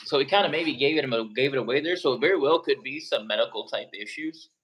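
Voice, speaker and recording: A man's voice: medium pitch, quick pace, fairly bright tone, slight background noise, poor audio. A man co-hosting a live stream, talking in a laid-back, profane way. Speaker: co-host. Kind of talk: casual live-stream chat.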